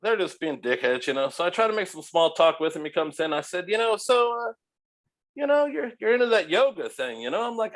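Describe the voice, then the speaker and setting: A middle-aged man telling restaurant stories as a podcast guest, animated, profane and laughing as he goes. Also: a little high, brisk. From United States. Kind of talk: casual storytelling.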